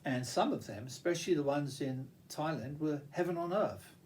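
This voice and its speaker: An older man rambles through personal memories, his pitch rising and falling a lot. His voice sits a little high for a man, and he restarts sentences often as he digresses. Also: lively intonation, moderate pace, darkish tone, slight background noise. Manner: reminiscing, digressive, frequent restarts and fillers. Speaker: vlogger.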